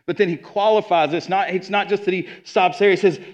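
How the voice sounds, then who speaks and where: Earnest male preacher, conversational delivery, a touch high, muffled recording. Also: steady tone, fast talker. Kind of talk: sermon. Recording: dull lo-fi sound.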